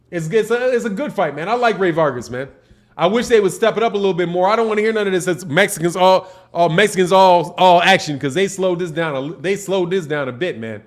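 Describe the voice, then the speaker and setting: This livestream host from Chicago, speaking with a Chicago accent, commentates on a boxing fight and reads chat messages in relaxed slang. His voice is high-pitched and a bit bright.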